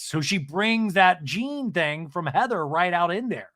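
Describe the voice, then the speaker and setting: A man's voice: high-pitched, expressive, measured pace, a bit bright, no room sound, studio quality. A man hosting a podcast, chatting casually through a recap with playful asides. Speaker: podcast host.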